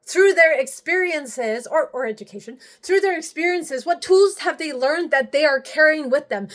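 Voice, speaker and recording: High-voiced rambling spiritual woman vlogger. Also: fairly bright tone. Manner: rambling, restarts often, swears casually. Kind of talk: casual spiritual check-in monologue.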